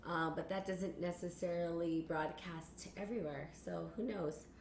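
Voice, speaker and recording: A woman's voice: lowish voice, steady tone, moderate pace, vocal fry, darkish tone. A woman hosting a casual spiritual live stream, rambling and repeating phrases as she talks to her viewers. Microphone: computer or phone on a live stream. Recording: echoey room with faint noise.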